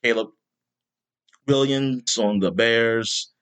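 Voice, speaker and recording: A man hosting a podcast in casual chat, rambling with lots of fillers and bursting into loud exasperation. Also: medium pitch, slow, smooth. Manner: rambling, animated, with many fillers. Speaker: podcast host.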